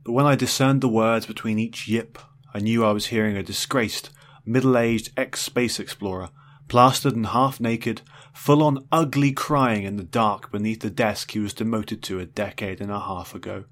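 A man's voice: on the low side, fairly even intonation, normal speed, fairly bright tone. A man narrating a first-person story in a wry, dry, understated way.

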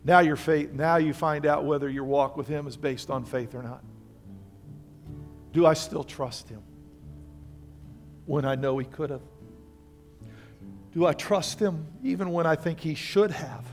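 An older man preaching a sermon as pastor, lively and conversational, calling on the congregation to respond. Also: fairly high pitch. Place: church sanctuary.

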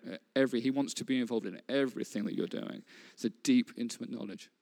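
A man's voice: mid-range voice, fast talker, creaky, a little mellow. Earnest man closing a sermon. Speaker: preacher.

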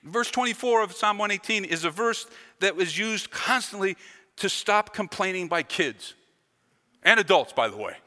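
Emphatic pastor, bright voice, echoing hall. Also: male voice, sits high. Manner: emphatic, rising and falling delivery with repeated phrases. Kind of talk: sermon. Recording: long hall reverb.

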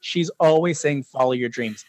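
A man's voice: medium pitch, normal speed, crowd noise. A man in his forties, a guest filmmaker on a casual podcast chat, telling stories with animation, acting out quotes and laughing often. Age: 40s.

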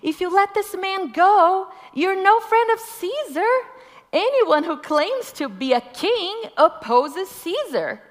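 A woman voicing an angry crowd of male religious leaders, shouting high and hard as she reads the scene aloud. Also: sing-song, slow, long reverb tail, heavily acted. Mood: furious. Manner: shrill shouting, demanding.

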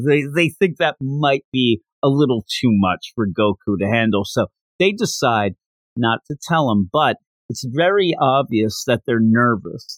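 A man hosting a podcast, casually recapping a manga chapter in an animated way and slipping into quick character voices. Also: mid-range voice, no room sound. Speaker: podcast host.

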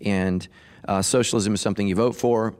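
A man's voice: fairly low pitch, fairly even intonation, fairly quick, a little mellow. A middle-aged man, a pastor hosting a podcast, talking emphatically in a casual discussion, with frequent restarts.

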